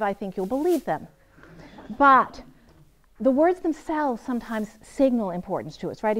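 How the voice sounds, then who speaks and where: A woman teaching a writing workshop, lecturing with energy and quizzing her audience as she goes. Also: medium pitch. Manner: lively, asks the audience questions and answers them. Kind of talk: seminar lecture. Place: seminar room.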